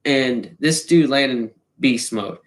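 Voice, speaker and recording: Profane animated man in a roomy space. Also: mid-range voice, takes it slowly. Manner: profane, animated, fond of sound effects. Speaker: storyteller. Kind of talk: casual anecdote. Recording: roomy echo.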